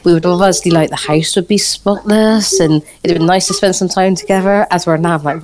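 A woman's voice: fairly low pitch, steady tone, a little fast, few pauses, a crowd in the background. A young woman with a Bristol accent, chatting in a rambling, friendly way as an interview guest over a remote call. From Bristol, England. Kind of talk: casual remote interview chat.

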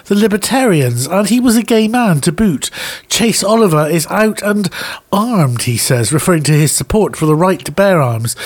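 Guy reading the news, high voice, formal and clear. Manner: clear formal newsreader delivery. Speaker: podcast co-host.

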